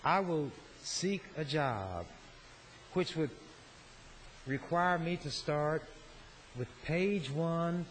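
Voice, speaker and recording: A man giving a slow, deliberate, sardonic floor speech as a state senator in a legislative chamber. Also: fairly high pitch, expressive, slight background noise, low-quality recording.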